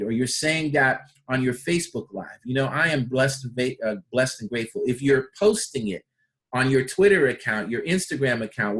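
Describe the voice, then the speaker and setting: A man's voice: medium pitch, fairly bright tone. A man teaching a personal development training session, enthusiastic and full of rhetorical questions and repeated phrases. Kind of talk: instructional talk.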